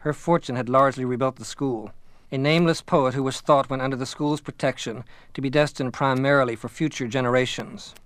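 A man reading a novel aloud in measured, even first-person narration. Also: medium pitch, no echo. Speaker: audiobook narrator.

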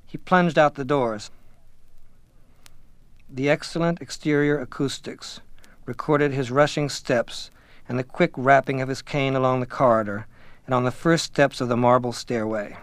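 A man reading a novel aloud and then summarizing it in a measured way, with some hesitant fillers. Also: mid-range voice, clear, resonant tone, no echo.

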